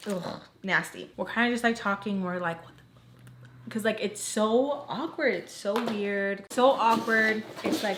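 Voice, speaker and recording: A woman's voice: medium pitch, fairly bright tone. A young woman in a storytime vlog, talking in a chatty, emotional way and saying "like" constantly. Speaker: vlogger.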